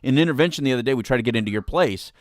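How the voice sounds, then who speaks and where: A male radio host in casual conversation, his pitch moving in a lively, animated way. He restarts and repeats words often. The sound is dry and close on a studio mic. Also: racing, dry recording.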